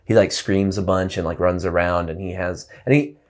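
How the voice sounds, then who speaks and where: Man, lowish voice, musician guest, relaxed chat, rambling, lots of restarts and fillers. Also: normal speed. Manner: loose and rambling, full of "like" and restarts. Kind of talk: casual interview chat.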